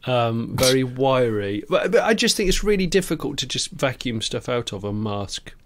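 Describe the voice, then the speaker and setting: A man's voice: medium pitch, sing-song, moderate pace, fairly bright tone, a little hiss or hum. A man co-hosting a comedy podcast, dropping dry, musing asides in casual chat. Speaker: podcast co-host.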